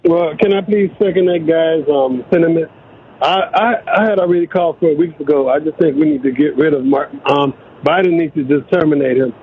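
A man's voice: a little high, brisk, slightly rough. A man calling in to a radio show, speaking insistently with stammered restarts. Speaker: caller. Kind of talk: phone-in call. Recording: tinny phone line.

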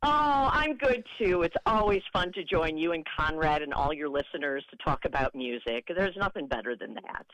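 Lively, laughing woman radio guest. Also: low voice, moderate pace, hardly any pauses, no echo, rough recording. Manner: friendly, laughing, storytelling. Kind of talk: casual radio chat.

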